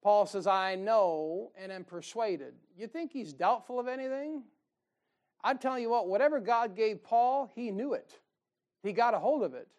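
High-voiced, fired-up preacher. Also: male voice, normal speed, highs cut off. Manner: folksy, joking, fired-up preaching with sudden loud bursts. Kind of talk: sermon.

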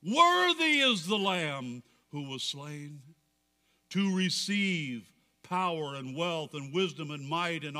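A male pastor preaches and reads scripture aloud, his voice high and bright. He builds fervor as he goes. A long reverb from the church hall trails each phrase. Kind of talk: sermon.

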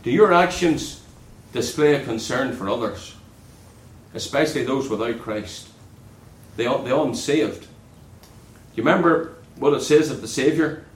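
A man's voice: expressive, measured pace. Earnest preacher man in an echoey hall. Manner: earnest, drops low and soft on key words. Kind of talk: sermon.

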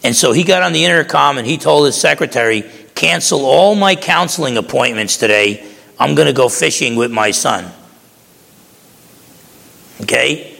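A man's voice: medium pitch, creaky, fairly bright tone. A middle-aged man from New Jersey preaching a sermon, folksy and storytelling, often repeating words as he goes. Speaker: pastor. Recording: long hall reverb.

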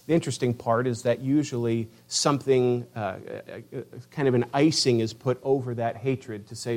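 A passionate middle-aged male pastor delivers a sermon, voicing the people he quotes and swinging between loud proclamations and quiet asides. His voice sits in the mid range with fairly even intonation at a normal speed.

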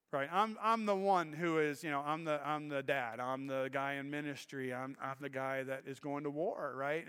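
A man's voice: high voice, sharp tone, clear, resonant tone, big-room sound. A middle-aged man preaching a sermon as pastor, telling a personal story in an earnest, emotional way with frequent restarts. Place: church sanctuary.

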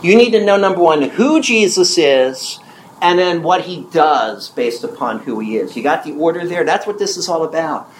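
A man in his sixties preaching a sermon with emphasis, asking the audience questions and repeating key phrases slowly. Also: high-pitched, roomy sound, a little hiss or hum, poor audio. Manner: asks the audience questions and answers them.

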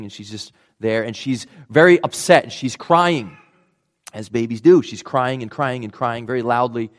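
A man preaching a sermon in an earnest way, often restarting words and dropping to a soft hush at tender points. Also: mid-range voice. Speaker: pastor.

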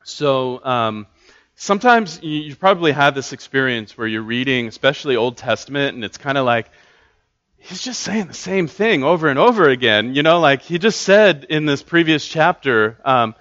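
A man's voice: mid-range voice, moderate pace, sharp tone, highs cut off. A man teaching a Bible study class in a casual way, with many fillers and restarts.

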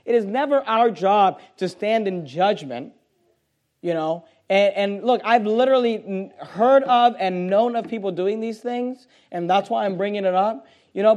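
A man's voice: high voice, a little mellow. A man preaching a sermon, reading scripture aloud and explaining it emphatically with rhetorical questions. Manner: rhetorical questions, frequent restarts. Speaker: pastor.

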